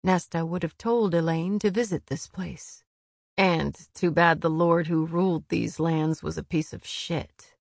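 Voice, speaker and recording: A woman reads a novel aloud in a calm, measured way. Her voice is lowish and her pace slow, and the recording is close and dry with no room sound. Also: gravelly, no echo. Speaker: audiobook narrator. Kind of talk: scripted narration.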